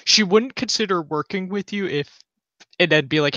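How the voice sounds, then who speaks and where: A man's voice: high-pitched, normal speed, sharp tone, no echo, highs cut off. A man playing a tabletop role-playing game, talking casually and hesitantly about what his character will do. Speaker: player.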